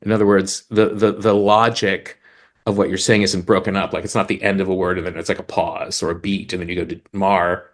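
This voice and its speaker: A man's voice: low-pitched, flat delivery, fast. A man co-hosting a chat about songwriting, eagerly explaining craft and reading lyrics aloud with rhythm. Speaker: podcast co-host, lyricist.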